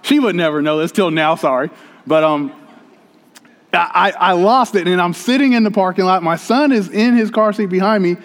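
A male pastor with a fairly high voice delivers a sermon as a casual, conversational story told straight to the congregation. His voice rings with the long reverb of a church hall. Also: moderate pace.

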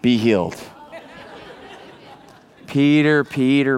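Animated high-voiced male pastor preaching. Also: unhurried, smooth, some chatter behind. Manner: animated, acts out the people in the story. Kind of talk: sermon.

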